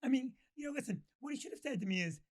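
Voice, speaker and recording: Lively blunt older male co-host. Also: very high-pitched, very fast. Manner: blunt, joking storyteller. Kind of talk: casual chat.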